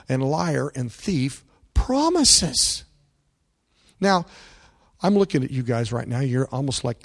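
Animated male pastor preaching a sermon. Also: a little high, husky. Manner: animated preaching, rising to loud emphatic peaks; asks the congregation questions.

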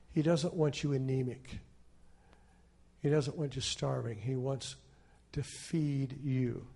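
Gravelly man preaching a sermon. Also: mid-range voice. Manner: storytelling, swings between loud emphasis and soft asides. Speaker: pastor.

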